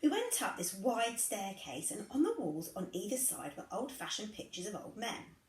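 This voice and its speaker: A woman reading a first-person story aloud in an expressive, conversational way. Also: mid-range voice, moderate pace, echoey room, poor audio. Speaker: reader.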